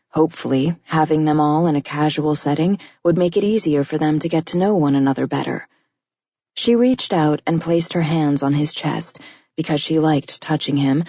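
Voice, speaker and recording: A woman narrating a romance audiobook in a steady, intimate storytelling manner. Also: deep voice, husky, no echo, dull audio.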